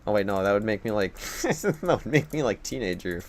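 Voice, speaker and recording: A man's voice: fairly low pitch, expressive, fairly quick. A young man live-streaming a game at his computer, rambling and joking at his own expense. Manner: rambling, joking and self-deprecating. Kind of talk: casual gameplay live-stream commentary.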